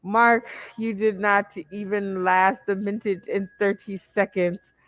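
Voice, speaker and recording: A woman's voice: mid-range voice, flat delivery, takes it slowly, no room sound. A woman hosting a virtual comedy game on a video call, laughing as she directs the players. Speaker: host.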